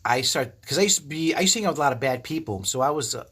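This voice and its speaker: A man in his fifties chatting casually on a livestream, telling stories in a profane, animated way with frequent laughs. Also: fairly high pitch, racing, slightly rough. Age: 50s. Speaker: livestream host. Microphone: phone.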